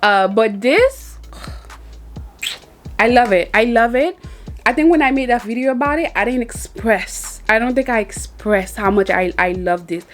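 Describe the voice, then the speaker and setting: A woman's voice: fairly high pitch, lively intonation, measured pace, faint music behind. A young woman reviewing makeup in a casual vlog, chatty and laughing often, repeating words as she goes. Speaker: beauty vlogger.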